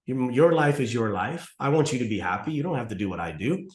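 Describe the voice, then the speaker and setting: A man's voice: mid-range voice, expressive, quick pace. Man, 60s, interview guest, rambling storyteller with restarts, echoey room. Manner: rambling, restarts often, acts out dialogue. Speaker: martial arts school owner, guest. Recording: roomy echo.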